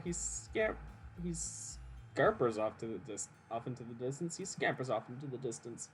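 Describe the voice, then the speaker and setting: A man's voice: on the high side, moderate pace, soft background music. A man co-streaming a game, reading its text aloud and trading giggly, playful teasing with his partner. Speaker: let's play co-streamer. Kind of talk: casual gaming banter and reading game text.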